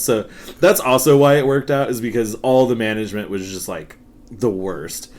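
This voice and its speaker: A man's voice: mid-range voice, moderate pace. A man in his thirties, co-hosting a podcast, telling work stories in a casual, profane, laughing way. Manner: profane, laughing, animated storytelling. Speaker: podcast co-host. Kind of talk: casual storytelling chat.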